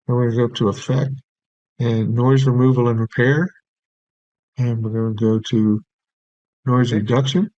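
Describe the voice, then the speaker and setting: A man teaching audio production, explaining each step in a relaxed way and checking in with "okay". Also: medium pitch, dry recording. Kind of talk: screen-recorded software tutorial. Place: small room at his desk. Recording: dry, dull lo-fi recording.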